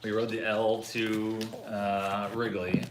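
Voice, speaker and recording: A man chatting casually at home, rambling with fillers and softly baby-talking to the dogs. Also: on the low side, flat delivery, slow, roomy sound, noisy background. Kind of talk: casual chat.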